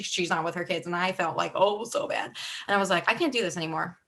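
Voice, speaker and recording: A woman's voice: lowish voice, quick pace, a bit bright. A young woman telling her team a personal story in casual, rambling talk, heavy with fillers and heartfelt. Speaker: team director giving a mindset talk.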